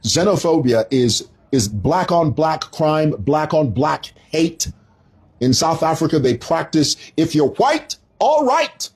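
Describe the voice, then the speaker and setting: A Zambian man in his fifties with a Zambian accent, talking through current events in a loose, storytelling way. His voice is very husky, and his pitch swings widely as he digresses from point to point. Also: big pitch swings, takes it slowly, darkish tone. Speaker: commentator. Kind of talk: casual commentary.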